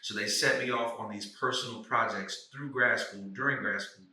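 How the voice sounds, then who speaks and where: St louis dude talking loose and profane, bright forceful voice, echoey room, mic kinda far off. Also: male voice, medium pitch, moderate pace. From St. Louis, USA. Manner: animated, profane storytelling with slang. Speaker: podcast guest, actor and writer. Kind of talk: casual conversation.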